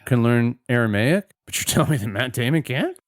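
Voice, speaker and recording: A man co-hosting a casual film podcast, sarcastic and animated, swearing freely. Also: medium pitch, a little fast, no echo, studio quality. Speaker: podcast co-host.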